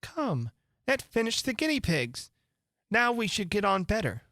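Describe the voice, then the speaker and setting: Man putting on a curious young girl, higher light voice, polite, storybook reading. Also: very animated, measured pace, pushed and bright, no room sound, heavily acted. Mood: wondering. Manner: lightly raised girlish voice.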